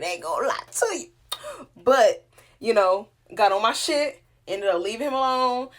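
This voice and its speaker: A young woman, telling her life story to camera in a casual, profane and animated way. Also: medium pitch. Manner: animated, profane, talks straight to the viewer.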